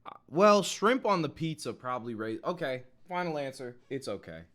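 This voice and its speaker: A man's voice: mid-range voice, sing-song, moderate pace, fairly bright tone. A man streaming casual reactions, joking and swearing loosely as he talks to his chat. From Minnesota.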